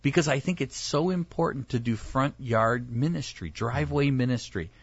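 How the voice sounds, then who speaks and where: A man's voice: mid-range voice, normal speed, slightly rough, no echo, muffled recording. A male pastor chatting casually, telling stories and acting out the people in them. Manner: animated storyteller, acts out quoted voices. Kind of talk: casual chat.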